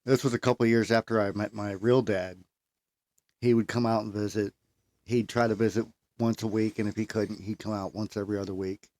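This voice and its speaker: A man's voice: lowish voice, steady tone, a little fast, a little mellow, dry recording. A man casually telling a funny family story, laughing often as he goes. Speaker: storyteller guest.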